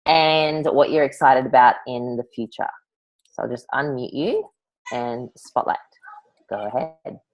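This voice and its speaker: A woman's voice: a bass voice, measured pace, lo-fi sound. A woman hosting an online event over a video call, chatty and affectionate, calling guests honey and darling.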